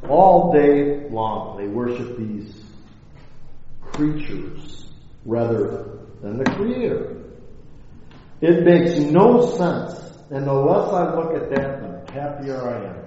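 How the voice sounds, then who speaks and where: A man's voice: mid-range voice, very animated, takes it slowly, dark tone. Folksy man preaching in an echoey hall. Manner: folksy, rambling, asks rhetorical questions. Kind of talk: informal Bible talk. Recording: echoey hall, dull lo-fi sound, faint hiss.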